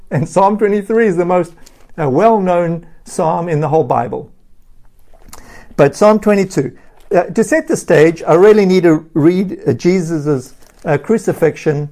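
Slow, deliberate devotional Bible reader. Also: mid-range voice, warm tone. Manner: slow, deliberate reading with emphatic asides; repeats words and restarts phrases. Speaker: Bible teacher. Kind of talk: devotional scripture reading and teaching.

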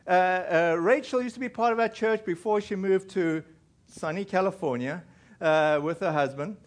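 A man with a high-pitched voice preaches a sermon in a church. He tells his story in a loose, rambling way, full of fillers and restarts. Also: moderate pace. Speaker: pastor. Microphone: recorded in a church.

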